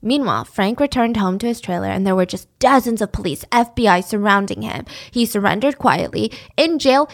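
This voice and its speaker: A woman's voice: mid-range voice, brisk, vocal fry, hardly any pauses. A woman narrating a true crime case in a casual, conversational way, with blunt opinionated asides.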